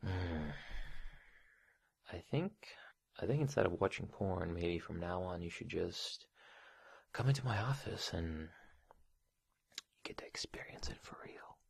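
Gravelly low-voiced commanding man. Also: lively intonation, a little slow, long pauses. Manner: domineering, swings between whispers and shouts. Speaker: audio role-play performer. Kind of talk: adult audio role-play.

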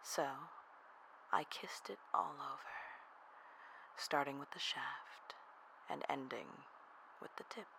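A narrator telling a first-person erotic audio story in a soft, half-whispered, breathy delivery. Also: medium pitch, expressive, slow pace, pauses often, slight background noise, poor audio.

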